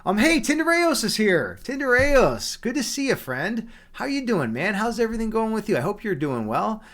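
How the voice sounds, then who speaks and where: A man's voice: high voice, big pitch swings, normal speed, a bit bright. A man hosting a livestream, chatting casually with viewers in a joking, teasing way, with many restarts and fillers. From Chicago. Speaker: livestream host.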